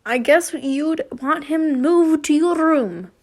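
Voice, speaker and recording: A man's voice: sits high, takes it slowly, exaggerated voice. A young woman voicing a curt old male headmaster wizard in an odd made-up accent while reading fan fiction aloud. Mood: brusque.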